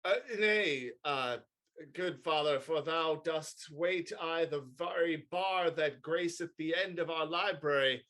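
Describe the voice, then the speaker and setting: A man improvising as a young lord mayor who flatters and stammers in mock-Shakespearean speech. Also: a little high, takes it slowly. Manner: stammering, with many uh's and restarts. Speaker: improv stage actor.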